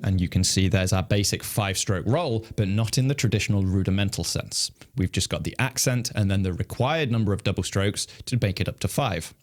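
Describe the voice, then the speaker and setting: A man teaching snare drum technique, explaining stickings in a calm, methodical way and counting beats aloud. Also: low-pitched, fairly quick, few pauses.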